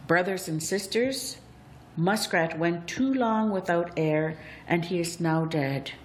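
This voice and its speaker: A woman voicing a solemn male hero of legend who leads the animals, speaking gravely and gently in a storybook telling. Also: on the low side, slow pace.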